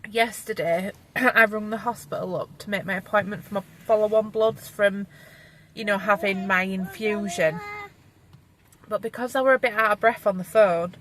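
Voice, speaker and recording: A woman's voice: mid-range voice, fairly bright tone, a little hiss or hum. Chatty woman vlogging. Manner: chatty, rambling, frank. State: pregnant, tires easily. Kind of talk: casual vlog chat to camera.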